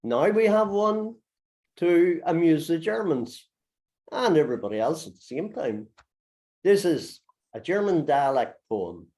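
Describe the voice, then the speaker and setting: A man hosting a poetry remembrance program, praising the readers and explaining the poems in an unhurried, appreciative way. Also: fairly high pitch, expressive, dark tone. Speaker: program host and storyteller.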